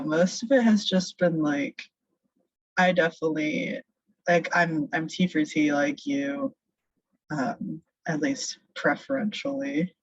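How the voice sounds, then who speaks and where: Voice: medium pitch, no echo. Hesitant young speaker, dull dry sound. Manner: hesitant, full of fillers. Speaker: interviewee. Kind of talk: casual interview.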